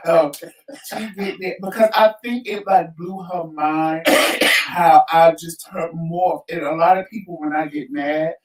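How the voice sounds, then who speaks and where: A man co-hosting a casual talk show, telling lively stories in a blunt, profane way. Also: fairly high pitch, unhurried, far from the mic. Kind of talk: casual chat. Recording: echoey room, voice from off mic.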